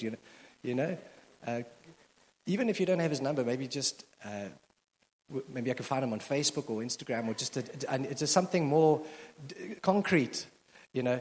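A man's voice: mid-range voice, lively intonation, moderate pace. A man preaching a sermon as the church's pastor, conversational and joking, with plenty of fillers. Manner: conversational, self-deprecating humor, frequent fillers. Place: church auditorium. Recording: long hall reverb from a church PA.

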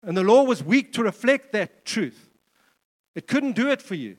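A man's voice: high voice, big pitch swings, normal speed, long reverb tail. A man preaching a sermon in a conversational way, with joking asides and repeated words. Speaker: pastor.

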